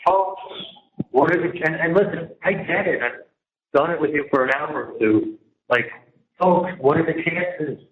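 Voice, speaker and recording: A man on a jail phone call, talking in a rambling, halting way that keeps restarting and repeating words. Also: a little high, background noise. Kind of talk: casual phone conversation. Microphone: phone handset. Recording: tinny, echoey prison phone line.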